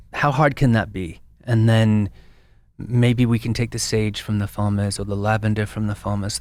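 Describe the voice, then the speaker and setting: Low-voiced man telling lively stories. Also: no room sound. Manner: animated storyteller, frequent restarts. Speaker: guest, brand founder. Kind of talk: casual interview.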